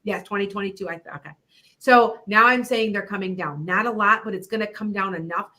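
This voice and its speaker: A middle-aged woman hosts an internet radio show about her psychic predictions. Her voice is bright and clear, and she talks in a chatty, rambling way, laughing often as she goes. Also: mid-range voice, a little fast. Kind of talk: casual chat about predictions.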